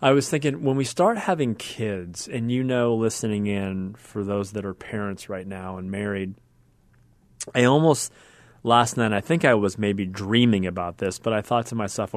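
A man's voice: fairly low pitch, moderate pace, dry recording. A man hosting a podcast, talking earnestly and thinking aloud in long, winding sentences. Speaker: podcast host. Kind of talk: conversational podcast talk.

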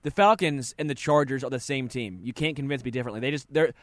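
A man co-hosting sports talk radio from a studio, with a middle-pitched voice. He jokes and teases his partner between quick opinions. The sound is dry and close on the studio mic. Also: a bit bright, dry recording. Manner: joking, teasing, quick opinions.

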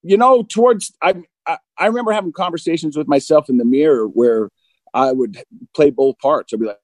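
Candid mid-forties man with a mellow voice. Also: mid-range voice, fast, no echo, poor audio. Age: 40s. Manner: open and self-deprecating, acts out both sides of dialogue. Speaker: guest recounting recovery. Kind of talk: candid conversational storytelling.

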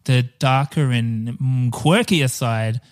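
A man's voice: mid-range voice, takes it slowly, clear, resonant tone. A man co-hosting a casual movie podcast, chatting in a jokey way, swearing and wandering off on tangents. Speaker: podcast co-host. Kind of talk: casual film podcast chat.

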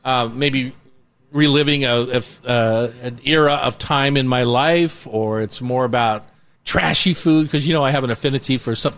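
A man's voice: mid-range voice, moderate pace, a bit bright. A man hosting a casual food radio show from a kitchen studio, upbeat and rambling with jokes. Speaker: radio show host and chef.

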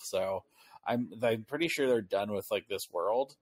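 A man's voice: lowish voice, moderate pace. A man hosting a podcast, chatting casually and animatedly, often laughing and acting out imagined voices. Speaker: podcast host. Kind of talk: casual chat.

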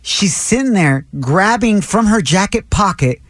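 A man with a fairly high voice hosts a morning talk show. He banters and tells stories playfully, teasing his co-hosts. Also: expressive, fairly bright tone, no room sound, clean studio sound. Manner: playful, teasing, quick to laugh. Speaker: radio morning show host. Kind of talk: casual banter and anecdotes.

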